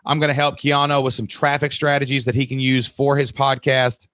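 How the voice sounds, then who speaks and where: Man, Appalachian Kentucky accent, podcast host, chatty, folksy, mid pitch, dry. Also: level tone, fairly quick, a bit bright, dry recording. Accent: Appalachian Kentucky mountain accent. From Southeast Kentucky. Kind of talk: casual podcast conversation.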